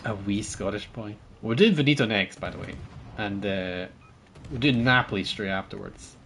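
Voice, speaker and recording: A man's voice: lowish voice, moderate pace, fairly bright tone, a little hiss or hum. A man streaming a naval battle game, chatting with his viewers and teammates, thanking supporters and laughing often as he plays. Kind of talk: casual gameplay commentary.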